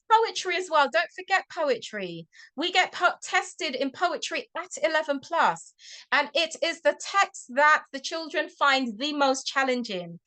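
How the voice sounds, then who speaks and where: Chatty woman tutor, raised pitch. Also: sharp tone. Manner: chatty, often says "all right", acts out parent lines. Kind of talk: advice talk to parents.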